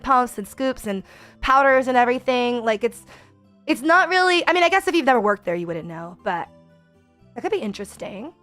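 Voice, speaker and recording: A woman's voice: high-pitched, fairly bright tone. A woman streaming a casual chat, rambling with many fillers and reading viewer messages aloud.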